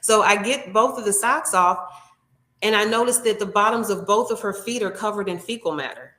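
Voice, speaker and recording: A woman's voice: medium pitch, brisk, sharp tone, roomy sound. A woman working as a nail technician, telling an earnest, heartfelt story in an interview, acting out what people said. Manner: earnest and heartfelt, with frequent restarts and acted-out quotes.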